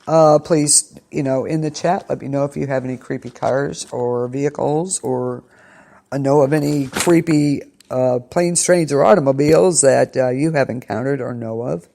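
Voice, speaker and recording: Woman host, gravelly voice, rambling and casual, pre-recorded show wrap-up. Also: rumbling low, normal speed, dark tone. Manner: rambling, with many ums and restarts. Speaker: internet radio show host. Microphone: studio mic, pre-recorded.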